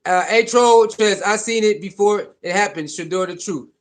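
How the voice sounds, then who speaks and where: High-voiced man hosting a casual livestream. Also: moderate pace. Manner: animated, repetitive, reads chat comments aloud. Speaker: livestream host.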